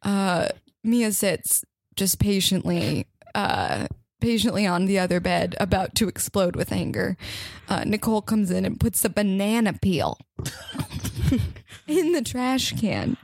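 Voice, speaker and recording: A woman improvising a comedy scene, narrating and playing along in a deadpan, self-pitying way. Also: medium pitch, unhurried, vocal fry, no room sound. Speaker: guest improviser.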